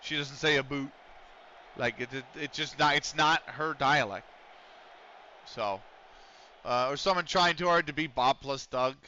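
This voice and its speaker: A streamer playing a football management game chats casually, rambling and swearing as he reacts to the match. His voice is a little high, a little slow, pushed and bright, and the muffled recording carries a bit of hiss or hum.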